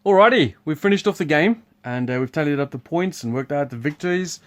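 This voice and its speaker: A man's voice: fairly high pitch, animated, fairly quick. A man hosting a board game preview, explaining the game in a rambling, chuckling, casual way. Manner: rambling, chuckling, restarts sentences.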